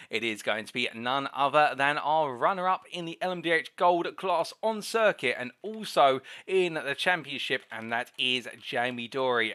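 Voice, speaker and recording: A man's voice: fairly high pitch, sharp tone. A man hosting a live sim racing broadcast, interviewing drivers in formal, flowing commentary phrasing.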